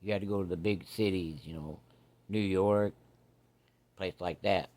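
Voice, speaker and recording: Low-voiced man telling a folksy tale. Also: fairly even intonation, a little slow, darkish tone. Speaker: storyteller. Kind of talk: folksy spoken storytelling.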